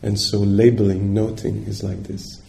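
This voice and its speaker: A man's voice: on the low side, flat delivery, moderate pace, creaky, mellow. A man giving a dharma talk as a meditation teacher, searching for words and checking in with his listeners.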